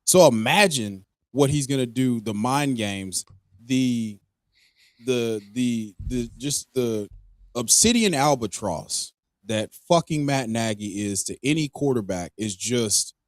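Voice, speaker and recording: A man co-hosting a live podcast stream, talking fantasy football in a casual, animated way, ranting and swearing freely. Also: mid-range voice, takes it slowly, no echo, studio quality. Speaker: podcast co-host.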